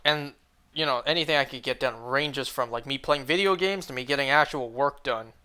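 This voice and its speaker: On a casual stream during a shiny hunt, he rambles to his viewers with a string of fillers and many "like"s. The man's mid-range voice is brisk, bright, forceful and smooth.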